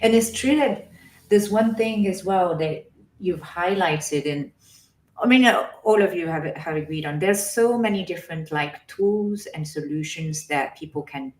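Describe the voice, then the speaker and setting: A woman's voice: fairly low pitch, measured pace, roomy sound. A woman hosting a podcast interview, thoughtful and searching for her words. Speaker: podcast host.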